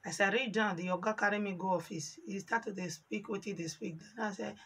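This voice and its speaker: A woman with a Nigerian accent telling a story from her life in a casual vlog, animated and voicing the people she quotes. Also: medium pitch, quick pace, husky. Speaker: vlogger. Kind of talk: casual storytelling monologue in Pidgin.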